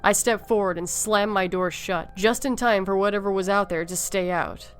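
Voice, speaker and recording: A woman's voice: medium pitch, steady tone, normal speed. Woman narrating a creepy story. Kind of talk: scripted horror narration. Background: soft background music.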